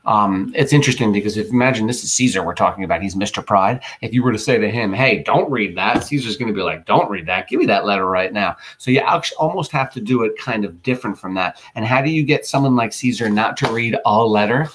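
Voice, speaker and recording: Casual husky male teacher explaining a play. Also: on the low side, fast, hardly any pauses. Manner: casual, explains lines in slangy paraphrase. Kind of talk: classroom lecture reading and explaining a play.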